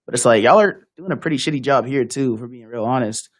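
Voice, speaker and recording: Young male co-host from Boston, quick and blunt, dry close sound. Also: mid-range voice, dry recording. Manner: blunt, slangy, frustrated. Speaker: podcast co-host. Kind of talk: casual chat on local politics.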